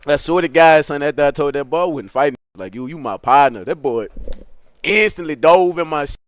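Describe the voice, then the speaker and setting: A young man telling a comic story from his youth, animated, laughing often, with crude slang. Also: a little high, brisk, smooth, no echo, clean studio sound.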